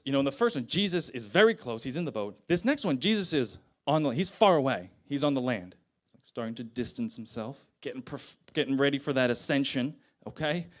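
A man's voice: mid-range voice, expressive, normal speed. A young man preaching a sermon in a casual, conversational way, retelling scripture in everyday slang.

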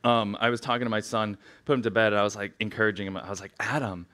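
Bright-voiced nervous man chatting from the pulpit. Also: on the low side, steady tone, very fast. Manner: chatty, rambling, self-deprecating, many "like" fillers. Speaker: church speaker. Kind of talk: casual sermon opening. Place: church sanctuary.

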